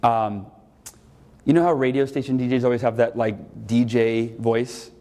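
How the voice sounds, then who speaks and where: A man from California giving a keynote talk to a live audience, telling stories in an animated way and acting out every voice. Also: medium pitch, normal speed. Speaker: motivational speaker.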